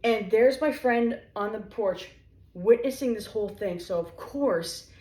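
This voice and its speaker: A woman's voice: a little high, measured pace. Chatty woman telling stories in an echoey kitchen. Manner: animated, chatty, talking while eating. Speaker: vlogger. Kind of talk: casual storytelling. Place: home kitchen. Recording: echoey room.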